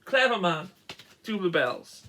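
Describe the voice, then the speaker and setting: A man's voice: high-pitched, sing-song, measured pace, bright, forceful tone. A man, a guitarist, casually showing his vinyl records and rambling through track lists with plenty of ums and uhs. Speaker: musician, guitarist. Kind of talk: casual show-and-tell.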